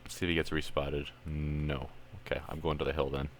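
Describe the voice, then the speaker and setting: A man's voice: rumbling low, flat delivery, brisk, slight background noise. A Canadian man from Ontario streaming a tank game, talking casually and thinking aloud as he plays. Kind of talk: live gameplay commentary.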